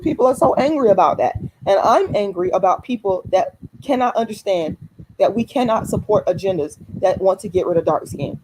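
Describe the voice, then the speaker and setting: A woman's voice: medium pitch, darkish tone, a little hiss or hum, low-quality recording. A woman hosting a casual livestream, talking fiercely and emphatically to her viewers, repeating phrases and swearing freely. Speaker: activist livestream host.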